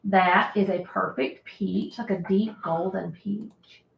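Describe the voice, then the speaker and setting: A woman's voice: mid-range voice, steady tone, takes it slowly, gravelly. Chatty woman hosting a live stream. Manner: chatty, laughs often, reads viewer comments aloud. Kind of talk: casual live-stream chat. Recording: roomy echo.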